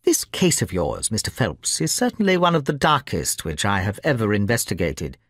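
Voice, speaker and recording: Audiobook part: male narrator doing a confident, playful detective, crisp delivery, dry close mic. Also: fairly low pitch, wildly swooping pitch, moderate pace, a bit bright, dry recording, full character voice. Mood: assured.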